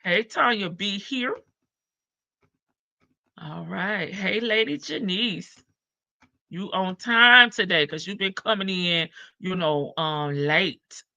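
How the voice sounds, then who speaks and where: Older woman, live stream host, slow easy talk, bright tone, dull lo-fi audio. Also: medium pitch, gravelly, no room sound. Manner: greets viewers one by one, drawn-out hellos, laughs often. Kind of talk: casual live stream chat.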